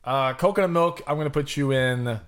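A man's voice: fairly high pitch, a little fast, a bit bright, clean tone. A man co-hosting a casual podcast, blunt and dramatic in his dislikes, joking around. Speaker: podcast co-host. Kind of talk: casual chat, taste-testing milks.

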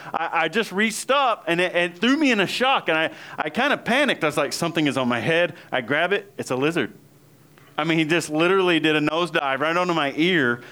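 Male pastor, slightly higher voice, conversational storyteller who mimics the people he quotes. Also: pushed and bright. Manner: storytelling, chatty, laughs often, acts out quotes. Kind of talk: conversational sermon.

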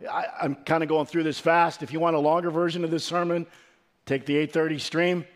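A pastor delivering a sermon, a man whose voice sits noticeably high for his sex. He preaches earnestly and emphatically, pressing some lines and dropping others to a near hush. Now and then he stumbles and restarts a phrase. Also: level tone, fairly quick.

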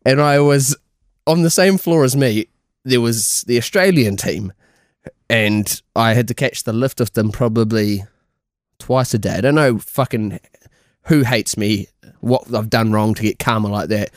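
A man's voice: medium pitch, unhurried, no echo, studio quality. A young man, co-hosting a casual chat, swearing heavily and laughing through his anecdotes. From New Zealand. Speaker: podcast co-host. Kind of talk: casual pub-style chat.

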